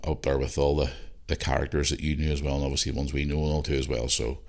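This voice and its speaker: A man's voice: rumbling low, level tone, fast talker, darkish tone. A man with a Northern Irish accent hosting a casual solo podcast, rambling and chatty, repeating himself and swearing freely. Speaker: podcast host.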